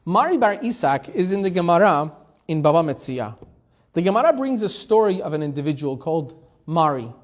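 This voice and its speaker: A male rabbi teaches a weekly Torah class in a relaxed, conversational way. His voice sits fairly high for a man, and he weaves Hebrew quotations into his storytelling. He often poses a question to the room and then answers it himself. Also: brisk.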